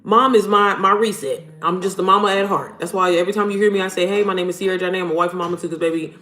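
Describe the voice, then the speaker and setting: A woman's voice: fairly low pitch, fairly even intonation, rapid-fire, a bit bright. Lady chatting on a livestream, blunt, swears a lot, roomy room with faint music behind. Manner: chatty, blunt, swears casually, addresses viewers as y'all. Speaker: livestream host and mom business coach. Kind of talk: casual livestream chat.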